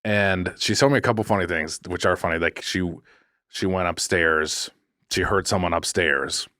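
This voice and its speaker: A man's voice: deep voice, moderate pace, bright, forceful tone, no echo, clean studio sound. A man co-hosting a podcast, telling a ghost story in a casual, rambling way, restarting sentences and cracking jokes as he goes. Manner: rambling, self-correcting, jokey. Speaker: podcast co-host. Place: podcast studio.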